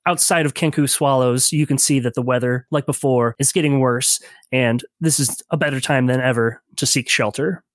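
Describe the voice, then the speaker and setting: A man's voice: mid-range voice, normal speed, hardly any pauses, no echo. A man in his thirties narrating a tabletop game as game master, casual and joking. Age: 30s. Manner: casual, joking, laughs often.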